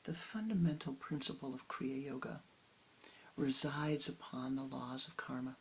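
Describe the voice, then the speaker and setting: A woman spiritual teacher telling a parable in a calm, soft-spoken way that often drops close to a whisper. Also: a bass voice, normal speed, a little hiss or hum, low-quality recording. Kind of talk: storytelling sermon.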